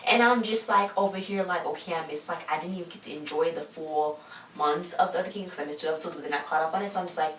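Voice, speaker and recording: Lady rambling thru a tv recap, lowish voice, kinda far off in an echoey room. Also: quick pace, slight background noise. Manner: rambling, animated, exasperated recap with slang. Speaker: TV show reviewer. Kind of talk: casual recap vlog. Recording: echoey room, mic at a distance.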